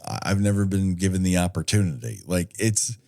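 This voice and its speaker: A man's voice: deep voice, steady tone, brisk, mellow. A man co-hosting a comedy film podcast, talking casually with sarcastic asides and a lot of swearing. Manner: sarcastic, swears freely, riffs in silly put-on quotes. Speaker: podcast co-host.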